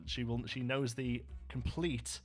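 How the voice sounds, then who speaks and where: A man's voice: medium pitch, fairly even intonation, takes it slowly, faint music behind. Chatty Brummie man streaming a game. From Birmingham, England. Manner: chatty, laughs often, answers viewer comments. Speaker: livestream host. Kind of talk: casual live gameplay chat.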